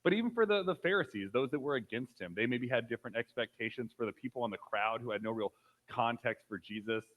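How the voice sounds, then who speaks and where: Conversational pastor man, mid-pitched. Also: expressive, fast talker, phone-quality sound. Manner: conversational, storytelling with fillers and "like". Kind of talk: casual sermon.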